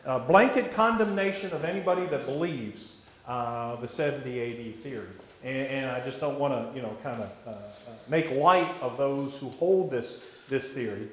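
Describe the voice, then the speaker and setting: A man teaching a church Bible class in a measured way, with many fillers and restarts, asking the class questions. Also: medium pitch, roomy sound, low-quality recording.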